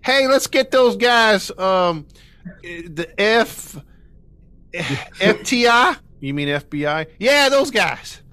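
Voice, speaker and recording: Dim, cheerful Southern US lawman with a high, slow drawl, as a podcast host puts him on. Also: animated, bright, forceful tone, no echo, heavily acted. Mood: goofy.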